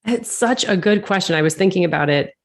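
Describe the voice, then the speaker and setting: A woman's voice: fairly low pitch, expressive, brisk. A middle-aged woman from Detroit, a leadership consultant, giving good-humoured answers as a podcast guest and thinking aloud. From Detroit, Michigan. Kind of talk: casual interview answers.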